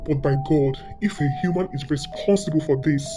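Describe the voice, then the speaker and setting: A woman voicing a distraught, vengeful husband in a narrated storybook tale, pitching her voice low. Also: fairly quick, natural voice. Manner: low, pleading then threatening. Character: distraught middle-aged husband, protective, vengeful. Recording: background music.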